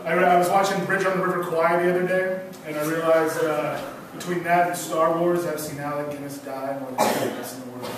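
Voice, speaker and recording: High-voiced stand-up comic in an echoey club. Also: male voice, a little fast. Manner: deadpan one-liners with self-mocking asides. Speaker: stand-up comedian. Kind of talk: stand-up comedy set. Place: comedy club stage. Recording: echoey club room from far off, noisy.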